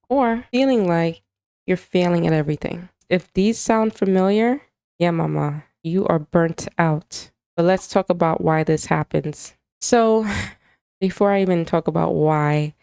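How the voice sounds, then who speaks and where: Brief: young woman podcast host, candid and confiding, low warm smooth voice, dry close sound. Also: no room sound. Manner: confiding, emotional, talks straight to moms. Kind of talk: candid casual monologue.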